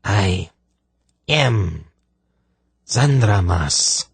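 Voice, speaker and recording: A man voicing a malevolent sorceress who speaks through a possessed queen, harsh and rasping, with a peculiar accent and an archaic, taunting manner. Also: fairly low pitch, lively intonation, very slow, dry recording, voice pushed up, heavily acted. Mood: menacing taunt. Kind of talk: audiobook reading.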